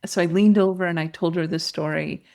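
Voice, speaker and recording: A middle-aged woman telling a personal story as a podcast guest, lively, and acting out the voices of other people. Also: fairly low pitch, fairly quick, creaky. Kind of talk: storytelling in an interview.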